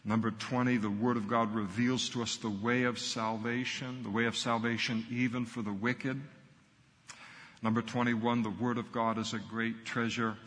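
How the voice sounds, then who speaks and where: A man's voice: mid-range voice, flat delivery, normal speed, fairly bright tone, long reverb tail. A middle-aged man, a pastor, preaching a sermon earnestly and emphatically in short punchy phrases.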